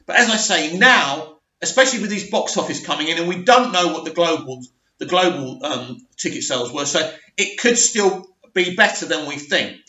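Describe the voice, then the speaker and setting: High bright-voiced ranting man. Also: animated, moderate pace. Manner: ranting, emphatic, with frequent restarts. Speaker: movie commentary host. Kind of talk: opinionated movie news vlog. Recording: echoey room, dull lo-fi sound.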